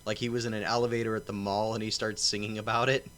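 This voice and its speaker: A man's voice: lowish voice, level tone, fast talker, a bit bright. A man co-hosting a casual chat, rambling through anecdotes and retelling stories in quoted voices. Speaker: podcast co-host.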